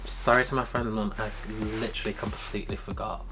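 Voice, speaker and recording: A young adult tells a story to camera in a casual, animated way, acting out the dialogue. The voice sits at a middle pitch. Music plays clearly underneath. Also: a little fast. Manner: animated, acts out quoted dialogue with big voice jumps. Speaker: vlogger.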